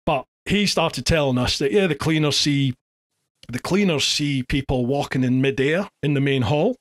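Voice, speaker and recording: A middle-aged man, a podcast host telling a story in casual chat, lively and acting out the shouts he quotes. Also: fairly high pitch, moderate pace. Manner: animated, acts out shouted quotes, many restarts.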